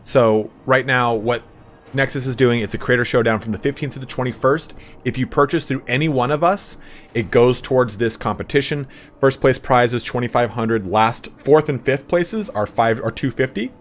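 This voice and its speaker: A man's voice: mid-range voice, normal speed. A young man chatting casually on a game stream, rambling and swearing freely, with lots of filler words. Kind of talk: casual live-stream chat.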